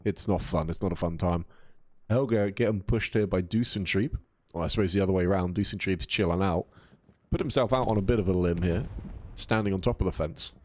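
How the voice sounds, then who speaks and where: A man's voice: low-pitched, darkish tone, no echo. A man casting a live video game match, talking casually and reacting to chat between plays. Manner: casual, chatty, reads chat aloud. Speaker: esports caster.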